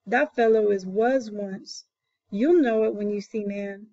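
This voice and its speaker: A woman's voice: medium pitch, measured pace, dark tone, highs cut off. A woman voicing a clever little male rabbit who coaxes and urges in folksy speech. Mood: urgent coaxing. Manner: urgent, coaxing, folksy.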